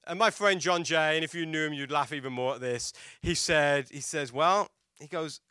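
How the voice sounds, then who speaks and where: A man preaching a sermon as a pastor, telling stories and asking the congregation questions, swinging between loud emphatic lines and hushed quiet ones. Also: fairly high pitch, normal speed, hardly any pauses, smooth, dry recording, studio quality. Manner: storytelling with rhetorical questions to the congregation.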